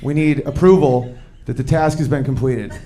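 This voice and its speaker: Holding a mic on a comedy club stage, a man tells stand-up stories, quickly jumping into impressions of men and women as the crowd laughs. His voice is mid-range, steady and dark, with a little hiss or hum in the recording.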